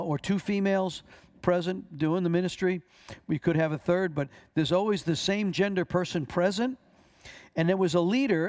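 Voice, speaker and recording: A middle-aged man teaching a class on deliverance ministry, telling animated stories and acting out the voices in them. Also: high voice. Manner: animated storyteller, acts out voices in his stories.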